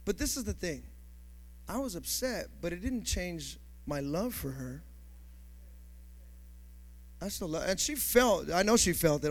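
A male pastor preaching a sermon emphatically, building to shouts and calling for responses from the congregation. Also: high voice, lively intonation, measured pace, pauses often.

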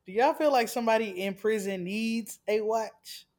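A man's voice: sits high, moderate pace, a little mellow. A man in a casual chat, easygoing and asking the group questions.

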